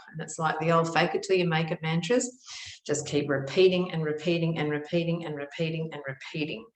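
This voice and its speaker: A woman telling a personal spiritual story with dramatic delivery, dropping to a whisper for her inner thoughts. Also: fairly low pitch. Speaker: spiritual teacher. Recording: echoey room.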